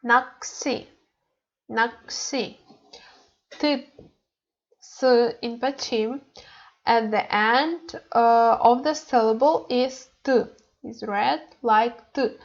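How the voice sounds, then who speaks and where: A woman's voice: on the high side, a little slow, highs cut off. A woman teaching a Korean language lesson online, speaking hesitantly with many fillers and repeating words for practice.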